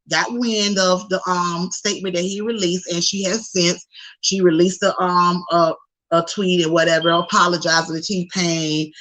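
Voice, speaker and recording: A woman hosting a podcast, chatting casually about celebrity gossip with animated, slangy asides to her listeners. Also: lowish voice, low-quality recording. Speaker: podcast host.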